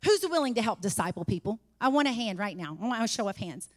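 A woman preaching a sermon in a church, testifying and rising to fervent shouts. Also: medium pitch, lively intonation, fast, long reverb tail. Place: church sanctuary.

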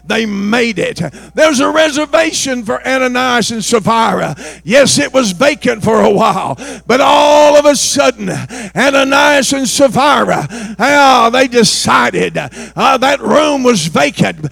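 A middle-aged man preaching an impassioned sermon and altar call, shouting and pressing the listeners to pray. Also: very high-pitched, lively intonation, unhurried, gravelly.

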